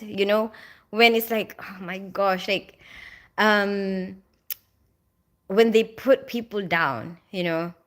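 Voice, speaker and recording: Reading viewer chat on a relaxed home live stream, a woman with a slightly bright mid-range voice chats in a wandering way, laughing often and using plenty of filler words.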